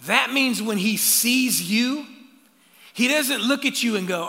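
A man preaching in a large hall, his voice high and gravelly, with a bright, forceful edge. He is an animated pastor who calls out to the crowd and drops playful asides. His words ring with a long hall echo. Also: slow. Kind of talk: sermon.

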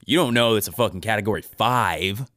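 A man's voice: fairly low pitch, a little fast, sharp tone, no room sound, studio quality. A young man co-hosting a podcast in casual, crude, joking banter. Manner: crude, joking, mock-dramatic. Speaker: podcast co-host.

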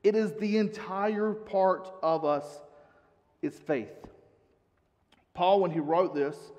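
A man's voice: high voice, steady tone, slow pace, a little mellow, in a large hall, dull audio. A male pastor giving a sermon in a conversational way, reading scripture aloud.

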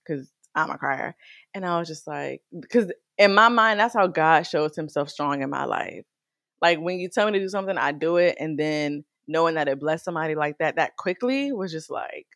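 A woman's voice: sits low, vocal fry, dry recording, studio quality. Chatty woman sharing faith stories. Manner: chatty, animated storytelling, addresses viewers as girl. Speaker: faith vlogger. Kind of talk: casual faith talk to camera.

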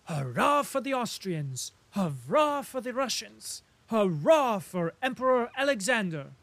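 A man's voice: extremely high pitch, animated, moderate pace, no echo, pitched above the performer's own voice. A man doing an eager young officer. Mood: jubilant. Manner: bright, eager.

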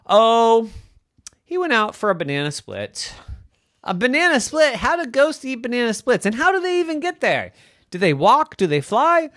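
A storyteller voicing a startled, curious young mother with high squealing questions and stammers. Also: wildly swooping pitch, unhurried, a bit bright, clear, resonant tone, dry recording, clean studio sound, heavily acted. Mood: puzzled.

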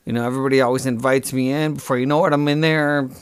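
A man hosts a comic podcast monologue, rambling in a deadpan way and often stopping to correct himself. His voice sits at a middle pitch. He talks close to the mic in a dry room. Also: rapid-fire, smooth, no echo. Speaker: podcast host.

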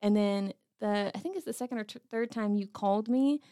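A woman on a podcast telling her own ghost story in casual chat, animated and quick to laugh, acting out her reactions. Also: mid-range voice, clear, resonant tone. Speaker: podcast co-host.

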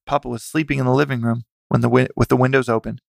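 Guy reading a family history book out loud, gravelly voice, pretty monotone. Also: mid-range voice, fast talker, no room sound. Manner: plain, steady reading with occasional self-corrections. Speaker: narrator. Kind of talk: reading a family memoir aloud.

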